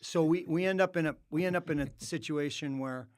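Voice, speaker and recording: A middle-aged man, a former hockey player, telling stories as a podcast guest in a studio. He swears freely and breaks into loud outbursts. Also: a little high, brisk, no echo. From Canada. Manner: animated, profane storyteller with loud outbursts. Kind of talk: casual storytelling.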